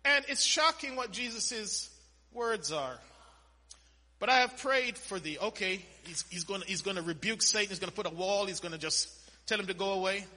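A man preaching a sermon in an animated way, quoting scripture and breaking into sudden loud bursts, in a church hall. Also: high voice, a little fast. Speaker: pastor. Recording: long hall reverb.

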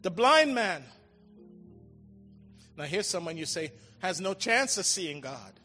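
A man preaching a sermon with a high, bright voice. His delivery swings from ringing calls down to hushed, drawn-out lines. His voice rings through a large hall with a long echo, and soft music plays underneath. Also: very animated. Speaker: pastor.

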